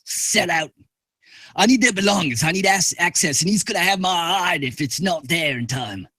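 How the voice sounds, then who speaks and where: A man voicing a sly disguised rogue with a put-on rough accent, cocky and swearing. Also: high voice, lively intonation, takes it slowly, sharp tone, no echo, heavily acted. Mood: bluffing.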